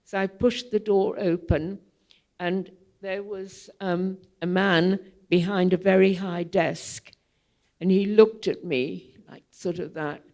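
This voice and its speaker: An older woman speaking to a theatre audience as a guest, telling long anecdotes in an unhurried, digressive way, with frequent ums. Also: lowish voice, fairly even intonation, a little mellow. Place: theatre hall, public event.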